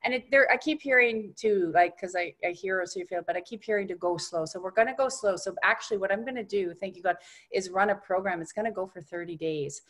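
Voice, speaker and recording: A woman guiding an energy-healing session, speaking softly and reassuringly, often dropping to a hushed tone. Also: medium pitch. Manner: unhurried, reassuring coaching. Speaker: energy healer.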